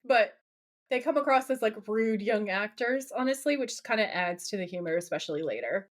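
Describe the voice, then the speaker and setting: A woman co-hosting a podcast in casual chat, animated and often laughing as she retells scenes. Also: medium pitch, normal speed. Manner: animated, laughing while reading lines aloud. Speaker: podcast co-host.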